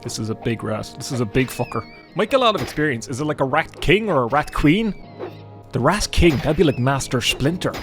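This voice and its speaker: A man's voice: medium pitch, big pitch swings, brisk, soft background music. A man with an Irish accent giving rambling, chatty let's-play commentary as a gaming YouTuber, swearing casually as he plays.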